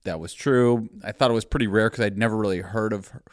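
A man with a lowish voice chats casually on a podcast, keen and animated as he praises a show. The sound is dry and close to the mic. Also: fast, no room sound. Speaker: podcast co-host. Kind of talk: casual chat.

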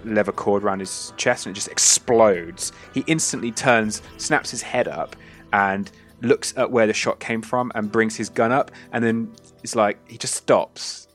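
A man's voice: on the low side, unhurried, fairly bright tone, soft background music. A man narrating a western tabletop game as game master, describing scenes loosely with many fillers.

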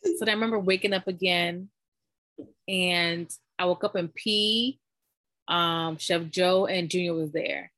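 A woman chatting casually, recounting a story with animated delivery and acting out what people said. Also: lowish voice, a little slow, no echo. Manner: animated storytelling, acts out quoted voices. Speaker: storyteller recounting giving birth. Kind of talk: casual chat.

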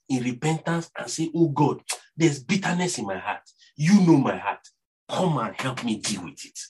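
A man with a Nigerian accent delivers a sermon. His voice is husky, and his pitch swings widely as he presses each point. He keeps circling back to the same phrases. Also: fairly bright tone. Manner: earnest, repeats "you see" and phrases for emphasis. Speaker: preacher.

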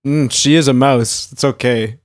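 A man's voice: medium pitch, steady tone, normal speed, no room sound. A man on a casual comedy podcast, blunt and mock-indignant, tossing out crude jokes.

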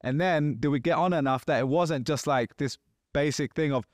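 A man's voice: on the high side, moderate pace, no echo, studio quality. A man co-hosting a podcast in casual chat, talking animatedly and acting out quoted exchanges. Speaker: podcast co-host.

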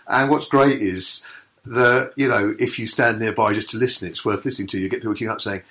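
A man's voice: lowish voice, a little fast, a bit bright, a little hiss or hum. A man who promotes comedy, talking in a casual interview in an enthusiastic, rambling, hesitant way.

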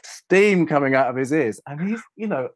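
Animated man telling a backstage story. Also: a little high, normal speed, a little hiss or hum. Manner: animated anecdote telling, laughs while talking, swears freely. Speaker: guest, sound engineer and tour manager. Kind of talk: casual storytelling chat.

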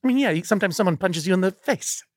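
Man, casual storytelling, pitch jumps for emphasis, somewhat high voice. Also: rapid-fire. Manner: animated, many restarts, jumps up in pitch for emphasis.

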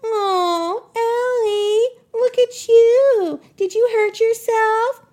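A woman's voice: very high-pitched, drawn-out words, a little mellow, pitched above the performer's own voice, exaggerated voice. Woman doing a sing-song taunting girl bully.

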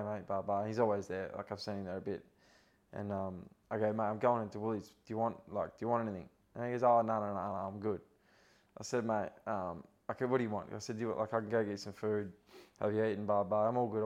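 A man in his thirties with an Australian accent, a footballer guest telling stories in a casual podcast chat, with many fillers and restarts. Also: on the low side.

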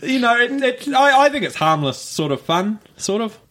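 A man's voice: very high voice, big pitch swings, normal speed, pushed and bright. A man with a New Zealand accent co-hosting a podcast, telling news stories in casual chat and laughing along as he goes. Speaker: podcast co-host.

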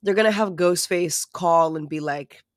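A podcast co-host in casual chat who talks in an animated, profane, joking way. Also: medium pitch, normal speed, no echo, clean studio sound. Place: lives in New York City.

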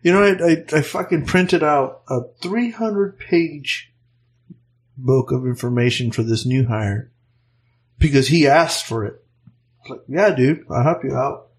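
A man in casual chat, swearing a lot and ranting about work in an animated, rambling way. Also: mid-range voice, unhurried, long pauses.

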